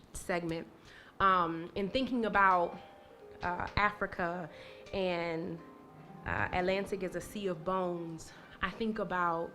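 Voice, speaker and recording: A young woman from Maryland with an American accent, performing spoken word poetry with rhythmic, emphatic recitation and soft, hesitant spoken introductions at an indoor live event. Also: fairly low pitch. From Maryland, USA. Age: young adult. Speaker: poet.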